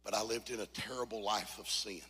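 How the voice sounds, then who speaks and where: A man preaching a sermon as pastor, moving from quiet confession to shouted, sung climaxes. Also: fairly low pitch, steady tone, a little fast, in a large hall. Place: church sanctuary.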